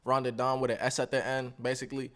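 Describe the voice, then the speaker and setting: A man's voice: medium pitch, flat delivery, fast talker, a bit bright. A young man from Columbus, Ohio, a musician guest chatting in a laid-back, joking way. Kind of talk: casual chat.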